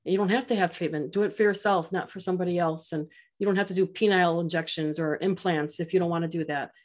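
A middle-aged woman talking earnestly as a podcast guest, telling stories and quoting others in an animated way. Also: fairly low pitch, fast. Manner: earnest, animated storytelling with quoted voices. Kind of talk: casual interview chat.

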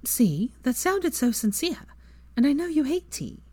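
A woman's voice: high voice, very animated, measured pace, dark tone, slightly rough, no echo, pitched above the performer's own voice, full character voice. A woman voicing a clever, stubborn young witch with a dry, wry way of talking, in a fan fiction reading.

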